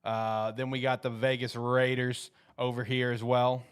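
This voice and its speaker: A man's voice: medium pitch, monotone, a little slow, clear, resonant tone. Laughing man rambling through a draft. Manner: laughs often, rambling, self-mocking. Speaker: host running a mock draft. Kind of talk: casual podcast chat.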